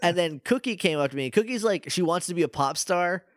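A man co-hosting a podcast in casual chat, animated and laughing as he tells game stories. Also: sits high, fairly quick, dry recording, clean studio sound. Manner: animated, laughing, quotes game characters in little voices. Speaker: podcast co-host.

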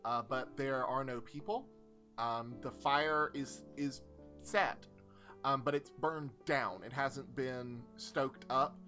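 Game master, male, bright tone, unhurried narration full of ums. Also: mid-range voice, faint music behind. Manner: relaxed, halting narration with fillers.

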